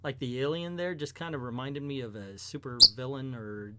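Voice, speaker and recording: A man's voice: mid-range voice, normal speed, background noise. A man giving a chatty, wry recap of an old comic book, full of casual asides.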